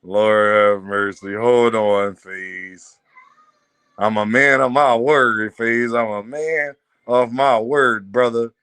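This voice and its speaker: A man hosting a casual livestream, reading out donations and talking straight to his chat, animated and laughing often. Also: medium pitch, takes it slowly, clean tone, no room sound. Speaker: livestream host.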